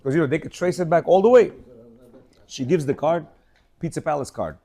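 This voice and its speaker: A man's voice: fairly high pitch, fairly quick, mellow. A middle-aged man telling a rambling personal story with many restarts and acted quotes, as host of a casual talk.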